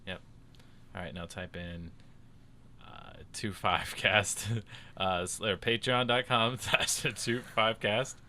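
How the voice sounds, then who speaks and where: Bright-voiced joking young man. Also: on the low side, fairly even intonation, slow pace, slight background noise. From St. Louis, Missouri. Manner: joking, teasing, crude. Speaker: podcast co-host. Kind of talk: casual chat.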